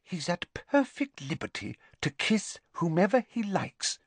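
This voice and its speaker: A man's voice: high voice, sing-song, unhurried, breathy edge, no room sound, pitched above the performer's own voice, exaggerated voice. Hermione, a prim teen witch, as a man reads her. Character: prim, clever teenage witch girl, sharp-tongued.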